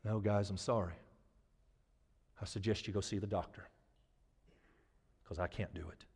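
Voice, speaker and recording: A man voicing Joshua as a sheepish, apologetic leader who cannot do miracles, speaking low and quiet. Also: steady tone, moderate pace, breathy edge. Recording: long church-hall reverb.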